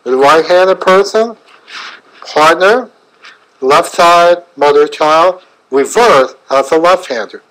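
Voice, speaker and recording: Halting middle-aged man lecturing a webinar. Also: fairly high pitch, fairly bright tone, low-quality recording. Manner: halting, fragmented phrasing with frequent fillers. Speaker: chiropractor presenting a webinar.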